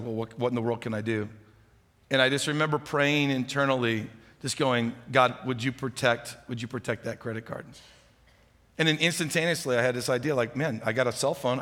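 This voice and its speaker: A man's voice: medium pitch, bright, forceful tone. A man preaching a sermon, telling a personal story in a conversational way and asking the listeners questions. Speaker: pastor. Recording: long hall reverb.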